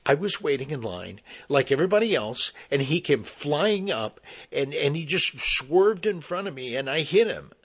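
A man's voice: a little high, big pitch swings, normal speed, few pauses, fairly bright tone, breathy edge, voice pushed up, heavily acted. A man voicing a frightened young woman who is pleading breathlessly after a car crash. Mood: indignant.

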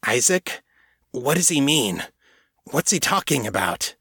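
A man's voice: medium pitch, very animated, unhurried, sharp tone, slightly rough, no room sound, clean studio sound, pitched above the performer's own voice, exaggerated voice. A man doing a sneering crooked police sergeant. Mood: shaky, scared. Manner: sneering threats. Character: corrupt male police sergeant, furred beastman, menacing.

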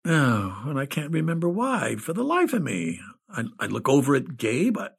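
A man's voice: fairly high pitch, huge pitch swings, normal speed, creaky, slightly rough. A man telling a comic first-person story, giggly and stoned, keeps breaking into laughter.

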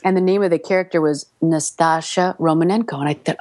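A woman's voice: quick pace, few pauses, no room sound, studio quality. A middle-aged woman, a voice actress, telling stories from her career in a casual interview, acting out the voices of the people she quotes. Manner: animated anecdote-telling, acting out quoted voices with big pitch jumps. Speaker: voice actress and audiobook narrator guest.

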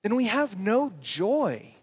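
A man preaching a sermon as pastor, with emphatic rising peaks and slow drawn-out words. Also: high-pitched, sing-song, slightly rough. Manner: reads scripture and quotes aloud.

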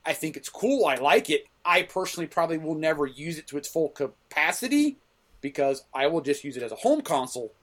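A man's voice: fairly high pitch, very animated, brisk. A man hosting a casual gaming podcast, often stumbling and restarting his sentences as he talks.

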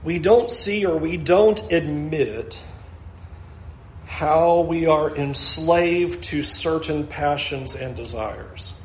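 A man's voice: on the high side, slight background noise. A middle-aged male pastor preaching a sermon earnestly, acting out the answers of the people he counsels. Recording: echoey room with faint ambience.

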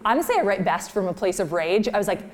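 A woman speaks at a live question-and-answer session, sharing personal stories with candid, animated energy. She often breaks into laughter mid-story and acts out the voices of people she quotes. Her talk is casual and full of "like". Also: mid-range voice, quick pace. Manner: heavy use of "like" as filler.

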